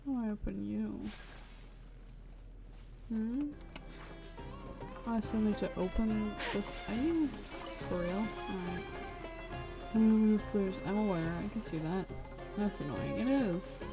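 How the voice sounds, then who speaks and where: A woman's voice: mid-range voice, slow, pauses often. A woman streaming a video game, chatting casually in a rambling, profane way and cutting herself off mid-sentence. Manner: rambling, profane, self-interrupting. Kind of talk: casual gameplay commentary. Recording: voice over loud game music.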